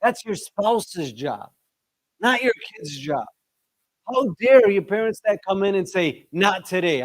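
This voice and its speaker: Fairly high-voiced man giving a lively religious talk. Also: dry recording. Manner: lively, asks the audience questions, shifts pitch sharply for emphasis. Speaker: discussion leader.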